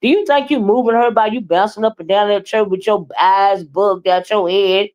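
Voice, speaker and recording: Woman, sassy livestream commentator, animated and drawling, mid-pitched. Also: normal speed, poor audio.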